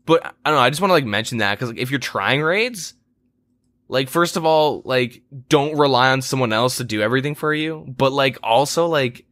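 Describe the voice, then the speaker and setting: A man's voice: medium pitch, moderate pace, fairly bright tone, no room sound, clean studio sound. Rambling, profane male podcast host. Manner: rambling, profane storytelling with exasperated quoted asides. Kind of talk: casual gaming podcast chat.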